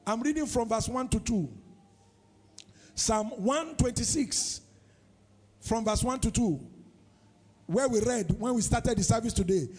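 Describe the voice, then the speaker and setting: Sing-song Nigerian preacher in a hall. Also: male voice, extremely high pitch, unhurried, long pauses, darkish tone, husky. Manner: sing-song preaching with call-and-response questions. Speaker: pastor. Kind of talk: sermon. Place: church service.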